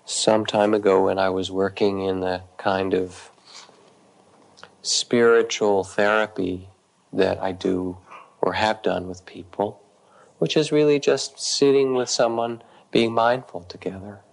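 A middle-aged man with a low voice and a gravelly, creaky texture. He speaks as a meditation teacher, telling a story calmly with long gentle pauses. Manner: calm, unhurried, gentle pauses. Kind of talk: storytelling dharma talk.

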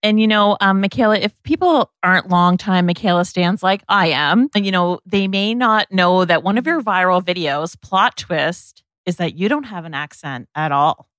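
A woman's voice: on the low side, a bit bright, no room sound. Chatty woman podcast host, dry sound. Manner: chatty, quick, joking. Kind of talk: casual interview chat.

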